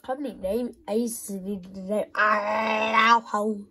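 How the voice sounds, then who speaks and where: A woman giving excitable commentary while playing a football video game, often shouting and squealing at the match. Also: medium pitch, slow, breathy edge, rough recording. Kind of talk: gaming commentary.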